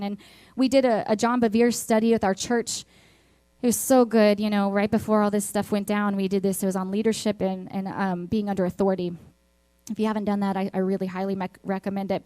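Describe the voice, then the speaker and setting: A woman with a Texas accent preaches to an online congregation. She tells personal stories earnestly and leans on repetition for emphasis. Her voice sits at a middle pitch and sounds dry and close. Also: darkish tone, dry recording. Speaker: church speaker.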